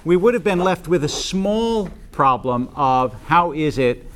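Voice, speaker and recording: Higher-voiced man teaching a Bible class. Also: measured pace, a little hiss or hum. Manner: conversational, checks in with "right?", frequent "um". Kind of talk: informal class lecture. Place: classroom with a group present.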